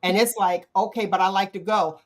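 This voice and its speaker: A middle-aged woman hosting a casual talk show, animated and acting out quotes in playful voices. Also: mid-range voice, brisk. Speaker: podcast host. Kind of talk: casual chat.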